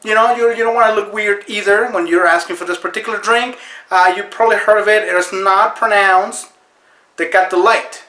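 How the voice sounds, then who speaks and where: A man hosting a deadpan mock tutorial, earnest and full of fillers. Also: high voice, moderate pace, reverberant. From Mexico. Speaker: comedy video host.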